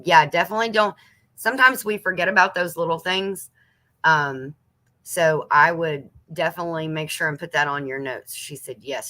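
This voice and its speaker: A woman in her fifties hosts a relaxed live chat, reading comments aloud and replying in a chatty way. Her voice sits low yet sounds bright and forceful. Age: 50s. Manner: chatty, reads viewers' comments aloud and answers them. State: coughing now and then. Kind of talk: casual chat.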